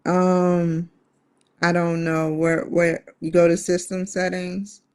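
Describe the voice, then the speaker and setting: A woman on a phone call with tech support, talking hesitantly and spelling things out slowly. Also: on the low side, flat delivery, darkish tone, clean tone.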